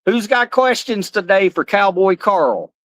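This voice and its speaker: Man doing a cowboy puppet, ornery, drawling, high, bouncy. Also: big pitch swings, unhurried, a bit bright, dry recording, clean studio sound, heavily acted. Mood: folksy. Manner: drawling, folksy cowboy talk.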